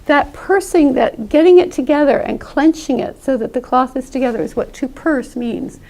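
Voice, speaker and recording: At a normal speed and in a warm tone, a woman with a high, gravelly voice teaches pronunciation classroom-style. She explains things patiently and voices sample sounds for learners to repeat.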